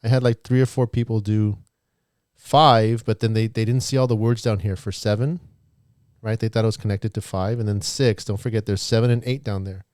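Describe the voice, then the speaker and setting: A man's voice: lowish voice, steady tone, fairly quick, a little mellow, no echo. A man teaching a math class online, chatty and walking students through each step aloud.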